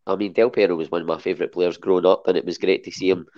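A man's voice: deep voice, steady tone, very fast, muffled recording. A Scottish man chatting as a podcast guest, hesitant and full of restarts. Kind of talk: casual chat.

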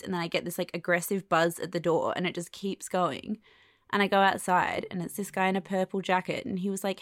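A woman, co-hosting a casual chat with quick, wry storytelling. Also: on the low side, level tone, dry recording, clean studio sound, faint music behind. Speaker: podcast co-host.

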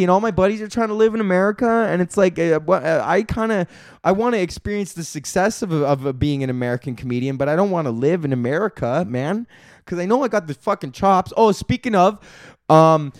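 A man's voice: a little high, no echo, clean studio sound. Profane ranting man on a podcast. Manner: profane, rambling, animated ranting with frequent laughs. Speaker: podcast host. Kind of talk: solo comedy podcast rant.

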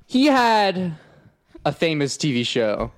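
A man's voice: on the high side, sing-song, slow. A man co-hosting a comedy podcast, riffing playfully through rambling stories. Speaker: podcast co-host. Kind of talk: improvised comedy banter.

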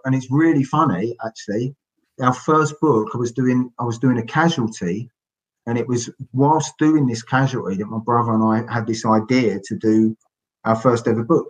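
Middle-aged man, low-pitched, chatty guest, acts out quotes in his stories. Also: rough recording. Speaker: guest author. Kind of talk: casual podcast interview.

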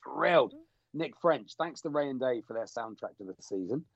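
Brief: male podcast co-host, casual and chatty, animated pitch, dry close sound. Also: normal speed, vocal fry, no room sound. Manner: chatty, reads out listener messages. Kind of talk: casual chat. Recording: dry, slightly muffled lo-fi recording.

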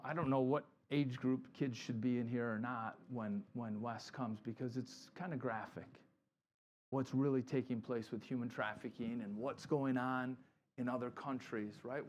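A man's voice: medium pitch, highs cut off, slight background noise. A middle-aged man, a pastor, giving a conversational sermon and acting out the people in his stories. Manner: animated storytelling, acts out quotes.

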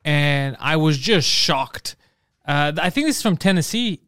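High-voiced man hosting a comedy podcast. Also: lively intonation, unhurried, fairly bright tone, smooth, dry recording. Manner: joking, riffing, breaks into laughter. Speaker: podcast host. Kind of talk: crude comedic banter.

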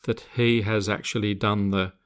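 A man's voice: on the low side, little pitch movement, normal speed, clean tone. An older man co-hosting a podcast, rambling through teasing asides. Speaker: podcast co-host. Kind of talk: casual chat.

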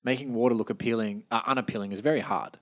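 A man's voice: lowish voice, fairly even intonation, quick pace, a bit bright, muffled recording. An Australian man co-hosting a podcast, rambling and joking with frequent laughs in casual chat. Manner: rambling, jokey, laughs often. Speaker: podcast co-host.

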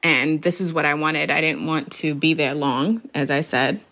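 A middle-aged woman calmly recounting a birth story, reflective and laughing softly at moments. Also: sits low, normal speed. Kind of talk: storytelling interview.

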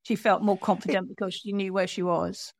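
A woman author telling an animated story in an interview, acting out the people she quotes. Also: medium pitch, brisk, no echo. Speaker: author and guest.

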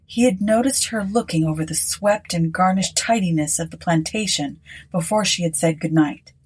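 A woman narrates a storybook at an unhurried pace. Her voice is breathy and airy, sitting slightly low for a woman. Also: darkish tone, low-quality recording.

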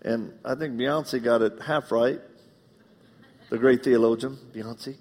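A middle-aged man preaching a live sermon, animated and joking, acting out the voices in his stories. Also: mid-range voice, takes it slowly. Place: church auditorium. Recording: long reverb of a large hall.

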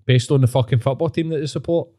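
A man's voice: mid-range voice, quick pace, mellow. A man with a Glaswegian Scottish accent, hosting a podcast in casual, sweary, mocking chat. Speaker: podcast host.

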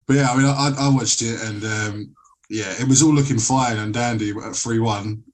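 A man's voice: mid-range voice, fairly even intonation, moderate pace. A man hosting a casual football podcast, rambling and swearing freely. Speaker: podcast host. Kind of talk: casual chat.

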